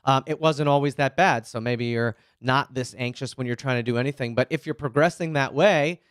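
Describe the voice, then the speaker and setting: A man's voice: mid-range voice, fairly quick, smooth, no room sound, studio quality. A man in his forties, a retired police officer, speaking candidly to an audience about his anxiety, often checking in with "right?" and "you know". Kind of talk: personal talk to an audience.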